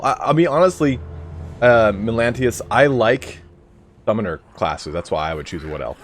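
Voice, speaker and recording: A man's voice: medium pitch, animated, moderate pace, soft background music. A man livestreaming a video game, chatting casually to his viewers and explaining the mechanics as he plays. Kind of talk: casual gameplay commentary.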